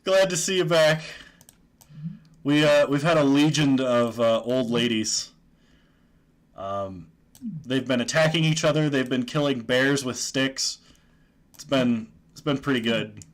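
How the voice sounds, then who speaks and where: A man's voice: medium pitch, measured pace, pauses often. A man streaming a card game, giving casual, joking commentary and chuckling often.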